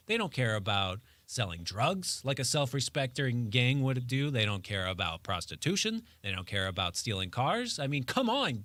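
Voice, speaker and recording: A man with a mid-range voice gives a casual, joking film review on a radio show. The sound is dry and close, with almost no room echo. His delivery is wry and animated. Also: medium pitch. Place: radio studio.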